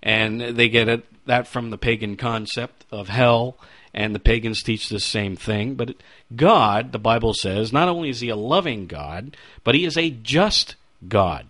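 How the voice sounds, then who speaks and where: A man's voice: mid-range voice, measured pace, fairly bright tone, no room sound. A middle-aged man giving a radio sermon, asking rhetorical questions and quoting scripture with emphasis. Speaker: radio preacher.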